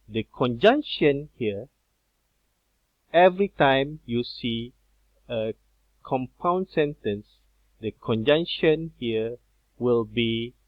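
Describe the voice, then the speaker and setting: A male teacher explains grammar at an unhurried, deliberate pace, often pausing on fillers and repeating key points. His voice sits at a middle pitch. The recording is dry and a little dull, like a laptop mic in a small room. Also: no echo. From Malaysia. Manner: slow, repetitive explaining with many fillers.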